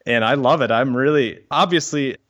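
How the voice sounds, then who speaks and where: A man's voice: medium pitch, a bit bright. A man who is a scientist, explaining research findings in a podcast interview. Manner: explanatory, reads study titles aloud. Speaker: guest scientist.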